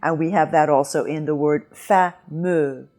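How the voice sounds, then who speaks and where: Woman, pronunciation teacher, patient step-by-step explanations, slightly low voice, soft music behind. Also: fairly even intonation, a little slow. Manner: clear, patient explanations with modeled example words. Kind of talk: online pronunciation lesson.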